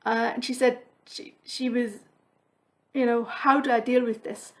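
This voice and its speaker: A woman's voice: on the high side, flat delivery, a little slow. A woman vlogger telling a story in casual chat, laughing often and quoting what others said. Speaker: cross-stitch vlogger.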